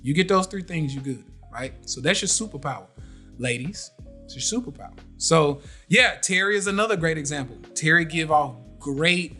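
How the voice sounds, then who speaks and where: A man's voice: fairly high pitch, moderate pace, soft background music. A man hosting a live podcast, talking casually and animatedly, repeating himself to drive points home. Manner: animated, preachy, repeats phrases. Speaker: podcast host.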